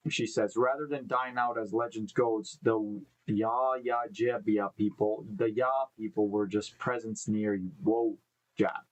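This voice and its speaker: This live stream host talks slowly in a lowish voice with fairly even intonation, and the audio is poor. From a room with live beehives, he casually reads news stories, tripping over names and breaking off to muse aloud.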